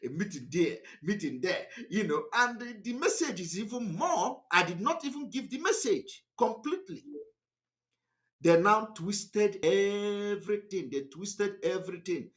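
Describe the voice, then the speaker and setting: A man with a Nigerian accent speaks on a live online broadcast in a high, bright voice that swings widely in pitch. He is emphatic and defiant, hammering points home through repetition. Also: lively intonation, measured pace. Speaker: activist broadcaster.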